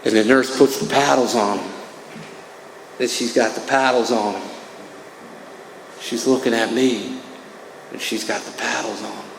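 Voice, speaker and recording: A man's voice: medium pitch, steady tone, measured pace, creaky, pauses often. Middle-aged man, speaker at a recovery meeting, chatty testimony, tags lines with "man", roomy reverberant hall sound. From New Jersey. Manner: conversational, peppered with "man" and "right". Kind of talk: personal testimony talk. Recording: echoey hall, faint room noise.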